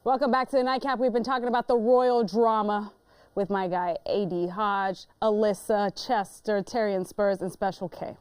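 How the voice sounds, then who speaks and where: A woman hosting a casual panel chat, playful and lively, saying y'all. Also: mid-range voice, normal speed, clear, resonant tone. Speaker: host.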